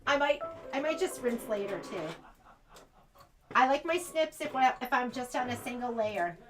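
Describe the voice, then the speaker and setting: High-voiced chatty American woman teaching embroidery. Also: animated, unhurried, over music. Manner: chatty, thinks aloud, self-correcting. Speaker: sewing shop instructor. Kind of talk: embroidery demonstration. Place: sewing shop.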